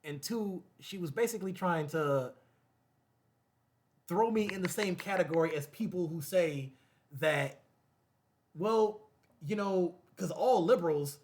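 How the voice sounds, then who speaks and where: Male host, higher pitch, animated repetitive commentary. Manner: animated, repetitive, laughing asides. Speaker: show host. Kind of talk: casual commentary to camera.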